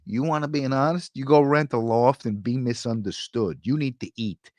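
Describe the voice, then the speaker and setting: A man's voice: medium pitch, moderate pace, darkish tone, dry recording, natural voice. A comedian voicing his blunt old father. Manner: gruff, matter-of-fact advice. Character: blunt, practical older Italian-American father.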